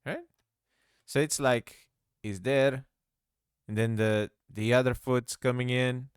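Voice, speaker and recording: A man's voice: mid-range voice, steady tone, slow, smooth, no echo, clean studio sound. A man hosting a casual screen-recorded game-making tutorial, thinking aloud and poking fun at himself as he works. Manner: self-mocking, thinks aloud, laughs at himself. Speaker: game dev tutorial host.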